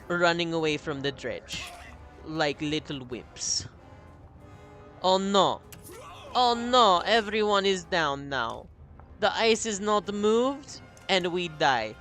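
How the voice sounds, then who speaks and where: A deadpan, gloomy gamer speaks in a mock Russian voice and clipped broken grammar, as a man puts him on. His tone is raised and forceful, bright at the edges. Faint game music plays under him. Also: on the high side. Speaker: streamer.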